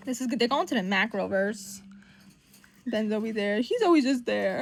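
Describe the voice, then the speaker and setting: A woman's voice: a little high, animated, normal speed, slight background noise. A woman giving casual, profane, chatty commentary while reading comics aloud. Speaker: comic reader.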